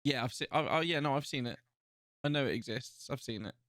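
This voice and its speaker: A man's voice: medium pitch, a little fast, a bit bright, no room sound, studio quality. A man co-hosting a casual chat, blunt and teasing, swearing a lot. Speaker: co-host.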